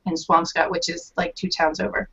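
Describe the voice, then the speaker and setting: A woman's voice: fairly low pitch, moderate pace, gravelly, slightly rough, dull audio. A woman from Massachusetts with a Boston accent, an artist chatting casually on a live stream. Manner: chatty and animated.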